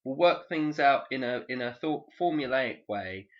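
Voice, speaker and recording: On a dull, lo-fi recording, a man co-hosts a podcast, talking at an ordinary pace with a voice in the middle range. The chat is casual, and he's lively and free with his swearing.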